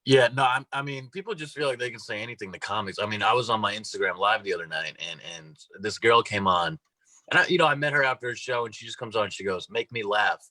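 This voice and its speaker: Man, comedian guest, bright tense voice, swinging pitch, dry sound. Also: quick pace, dry recording, poor audio. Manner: lively storyteller, acts out exchanges. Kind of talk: casual podcast chat.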